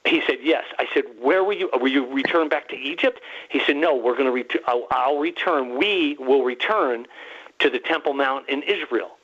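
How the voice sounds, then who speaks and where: A man telling an excited, rambling story on a radio talk show, restarting often and quoting himself and others. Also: mid-range voice, moderate pace, slightly rough. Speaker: guest researcher. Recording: muffled phone-line call-in.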